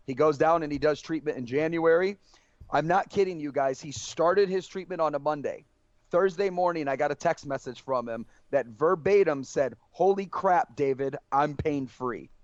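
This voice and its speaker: A man's voice: on the high side, normal speed, dry recording. A man, a guest on a podcast, telling earnest stories and acting out quoted dialogue as he goes. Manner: earnest storytelling, acts out quoted dialogue, keeps saying "guys". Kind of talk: casual podcast conversation. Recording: dry, dull lo-fi podcast audio.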